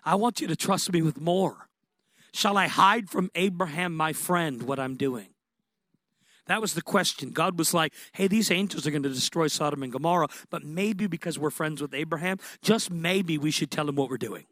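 High-voiced impassioned male preacher. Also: normal speed, no room sound. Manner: impassioned, building to excited peaks. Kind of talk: sermon.

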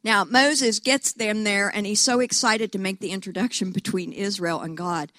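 A woman preaching a sermon who tells stories in an animated way, acts out quotes, and often repeats words as she goes. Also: medium pitch, normal speed, no room sound, clean studio sound.

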